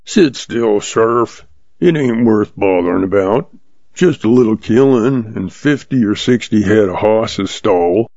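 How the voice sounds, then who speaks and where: A man's voice: lowish voice, lively intonation, measured pace, mellow, no echo. A man reading the part of a surly, quarrelsome cowboy with a sneering drawl, in a dry, slightly muffled recording.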